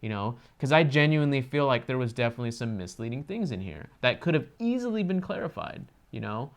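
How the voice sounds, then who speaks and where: Male co-host, mid pitch, earnest and emphatic, casual reaction talk, swears a lot. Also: very animated, fast.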